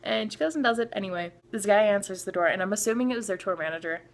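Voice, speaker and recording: A young woman from Canada telling a storytime vlog, excitable and full of filler "like"s, acting out what people said. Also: mid-range voice, very fast. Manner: excitable, many filler "like"s, acts out quotes. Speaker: vlogger.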